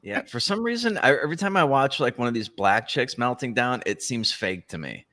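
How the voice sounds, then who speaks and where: A man's voice: mid-range voice, animated, brisk, sharp tone. A man hosting a podcast, mocking and swearing, laughing often. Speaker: podcast host. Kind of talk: casual chat.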